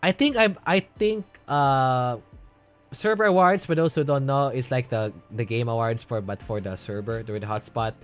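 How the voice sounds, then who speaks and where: A man's voice: mid-range voice, moderate pace, faint music behind. A young man chatting casually on a livestream, reading and answering chat in a rambling way and laughing often. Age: young adult.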